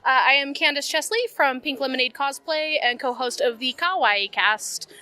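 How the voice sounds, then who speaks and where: A woman guest tells a funny convention story in a very high, very bright voice. She tells it with animated energy and laughs through the punchline. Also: moderate pace, dry recording. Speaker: guest cosplayer. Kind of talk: telling an anecdote. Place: convention floor.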